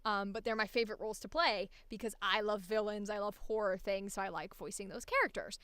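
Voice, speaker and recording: A woman voice actor in a casual, animated chat about voice acting, laughing often as she talks. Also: mid-range voice, fairly quick, clear, resonant tone, dry recording.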